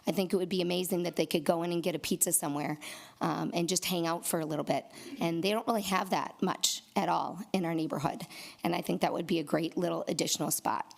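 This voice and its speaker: A woman's voice: fairly low pitch, steady tone, fast talker, vocal fry. A woman resident who is losing her voice gives earnest public comment at a council meeting, with many fillers. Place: council chamber.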